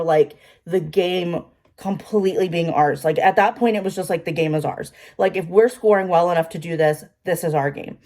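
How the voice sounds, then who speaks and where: A woman in her twenties, a beauty vlogger, chatting excitedly while doing her makeup and saying "like" constantly. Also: on the low side. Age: 20s. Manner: chatty and excitable, heavy use of "like".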